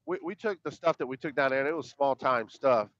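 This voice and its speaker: A man's voice: mid-range voice, expressive, fairly quick, fairly bright tone, dry recording. Rambling man, profane and emphatic. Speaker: podcast co-host. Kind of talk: casual podcast chat. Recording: dull, dry lo-fi sound.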